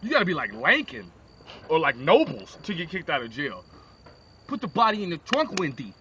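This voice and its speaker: Animated young man telling a crude comic story. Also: a little high, moderate pace, muffled recording, a little hiss or hum. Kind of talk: rambling comic shaggy-dog story.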